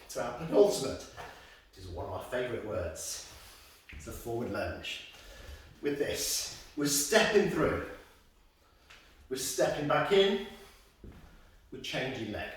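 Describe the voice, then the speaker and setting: A man's voice: fairly high pitch, fairly bright tone, heavy reverb, recorded from a distance, a little hiss or hum, poor audio. A man leading an exercise class, upbeat and encouraging, counting down reps and cracking self-deprecating jokes. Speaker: fitness instructor. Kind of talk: guided exercise class instruction.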